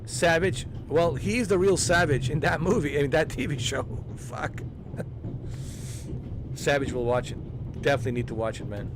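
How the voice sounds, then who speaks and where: A man chatting casually during a game walkthrough, excitable and rambling, often swearing. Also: fairly high pitch, moderate pace, noisy background. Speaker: gaming streamer.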